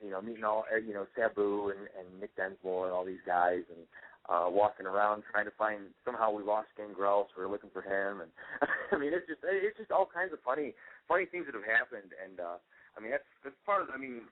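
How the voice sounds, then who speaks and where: A man's voice: fairly low pitch, a little fast. A young man, a wrestler, rambling and laughing through a casual phone interview. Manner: rambling, laughing often, many fillers. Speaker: wrestler guest. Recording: tinny phone line.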